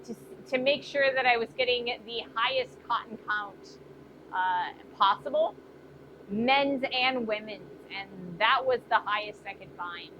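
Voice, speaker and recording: A blacksmith with a slightly high voice talks a little slowly while she works in her workshop. Her live-stream chat is casual as she forges, musing aloud and responding to viewer comments, with dull lo-fi audio and faint background noise.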